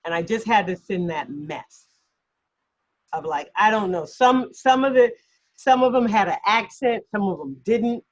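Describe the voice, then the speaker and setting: A woman acting coach talks through a mini lesson over a video call, chatty and self-deprecating, laughing as she goes. Her voice sits mid-pitch, and the call audio sounds dull and lo-fi. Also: a little slow.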